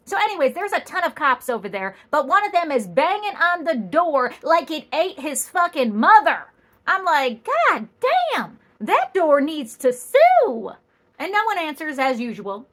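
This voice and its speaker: A woman's voice: high voice, bright, forceful tone. A young adult woman telling a funny story with sassy punchlines and exaggerated asides. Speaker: comedian. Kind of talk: comedic storytelling.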